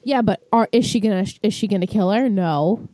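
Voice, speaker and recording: A woman's voice: mid-range voice, a little fast, warm tone, dry recording. A woman co-hosting a casual recap podcast, chatty and laughing often as she talks through scenes. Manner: chatty, laughs often, acts out characters' lines. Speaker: podcast co-host.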